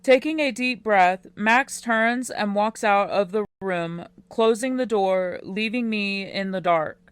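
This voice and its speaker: A woman narrating a first-person teen romance audiobook in a quiet, unhurried way. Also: mid-range voice, clean tone, no echo, clean studio sound.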